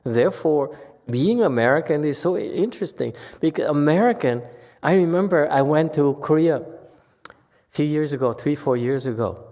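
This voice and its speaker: A man giving an informal Buddhist dharma lecture, talking conversationally with animated bursts and frequent restarts. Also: a little high, normal speed. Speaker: Buddhist teacher. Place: temple lecture hall. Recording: long hall reverb.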